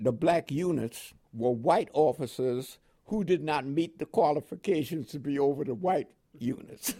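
An older man from Panama speaks with a New York accent carrying West Indian inflections. His pitch sits a little high and swings widely as he tells his story. He acts out other people's lines and laughs now and then. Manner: animated storyteller with laughs and quoted dialogue. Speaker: interviewee, veteran. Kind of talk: oral history storytelling.

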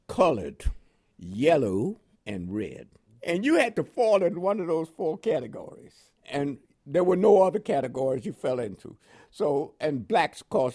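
An older Panamanian man recounts his life story in an oral history interview, his mid-range voice dark in tone. His New York accent carries West Indian inflections, and he chuckles often.

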